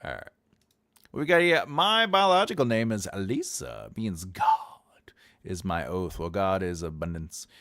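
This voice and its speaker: A man's voice: sits low, lively intonation, unhurried, fairly bright tone. A middle-aged man hosting a casual livestream, playful and laughing often, with bursts of mock-epic proclamation. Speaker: livestream host.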